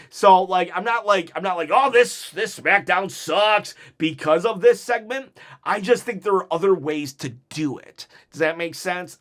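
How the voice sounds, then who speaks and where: A man giving a casual, opinionated wrestling review, chatty, with quick asides and frequent restarts. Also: high voice.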